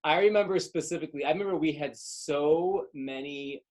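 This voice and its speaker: Guy rambling thru old tour stories, a bit higher pitched, lots of like and asides. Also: fairly quick, poor audio. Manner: animated, rambling, trails off in asides. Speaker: guest actor and live stage performer. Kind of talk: casual storytelling chat.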